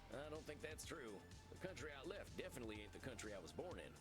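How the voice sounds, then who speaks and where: An actor playing a weary, reflective cowboy vampire, talking in a folksy, laid-back over game music. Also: male voice, medium pitch, big pitch swings, quick pace, close to an everyday voice. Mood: musing.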